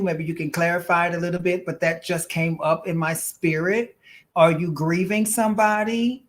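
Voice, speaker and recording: A woman's voice: on the low side, fairly even intonation, normal speed. A woman hosting a casual live stream, chatting with viewers and giving intuitive readings, calling them honey and girl. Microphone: phone.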